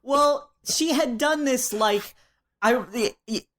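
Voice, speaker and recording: A woman's voice: sits high, slow, a bit bright. A woman co-hosting a podcast, recapping a game in casual chat with frequent laughs and fillers. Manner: chatty, laughs often, lots of fillers. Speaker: podcast co-host.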